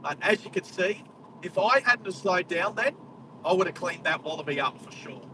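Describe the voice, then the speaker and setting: A man's voice: high-pitched, lively intonation, normal speed. An Australian man hosting a live driving stream, chatting casually and calling out wildlife as he drives through the country. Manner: chatty, exclaims at wildlife, talks to live chat. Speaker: driving livestream host. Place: inside a moving car on a country road. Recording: distant car mic with road noise.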